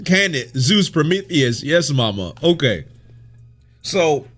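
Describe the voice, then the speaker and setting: A man hosting a casual comic reaction, reading panels aloud, excitable and slangy, laughing often. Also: a little high, slow, faint music behind.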